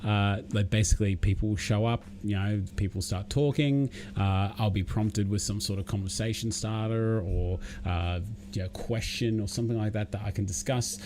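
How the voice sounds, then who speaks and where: A man's voice: lowish voice, fairly even intonation, normal speed, darkish tone. Rambling Australian man streaming live. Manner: rambling, chatty, reads out viewer names. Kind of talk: casual live-stream chat.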